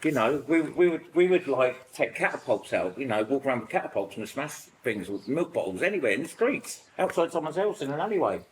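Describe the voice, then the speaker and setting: A middle-aged British man with a British accent, sharing childhood stories in a recovery group, rambling and animated with lots of fillers. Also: mid-range voice, brisk, few pauses, slight background noise, rough recording. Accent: British English. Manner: rambling, animated storytelling full of fillers and acted-out quotes. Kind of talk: personal sharing in a support group.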